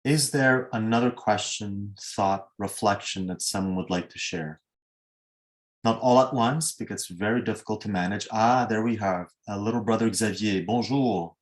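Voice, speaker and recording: A low-pitched man hosts a question session over a video call. He is polite and gently humorous, and he pauses on fillers as he guides people through the session. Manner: courteous, lightly joking, with many fillers. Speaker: moderator of an online Q&A.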